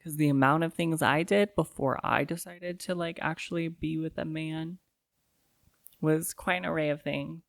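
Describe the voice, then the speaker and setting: A woman's voice: deep voice, steady tone, moderate pace, creaky, no echo. A young woman co-hosting a podcast in casual chat, throwing in dry, teasing remarks. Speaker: podcast co-host.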